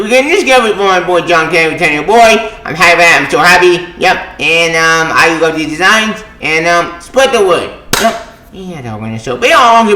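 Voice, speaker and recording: A man giving a casual ranting commentary vlog about comics. He talks with a lot of passion, swears often and swings into angry shouting. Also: a little high, reverberant, poor audio. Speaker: comics vlogger.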